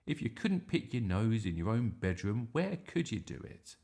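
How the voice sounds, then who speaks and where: Expressive man reading a children's story. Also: on the low side, moderate pace, vocal fry. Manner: expressive, animated. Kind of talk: children's story read aloud.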